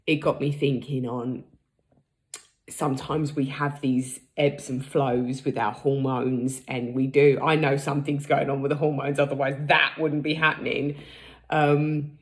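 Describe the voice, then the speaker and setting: A woman's voice: deep voice, darkish tone. A woman in her thirties telling a frank, laughing story in a casual vlog, acting out what people said. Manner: chatty, frank and laughing, acts out quotes. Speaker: vlogger.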